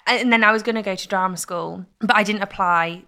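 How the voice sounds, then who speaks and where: A young woman, telling stories in a casual interview with lively, laughing chat. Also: mid-range voice, a little fast. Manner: chatty, animated storytelling with laughs. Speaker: guest, content creator.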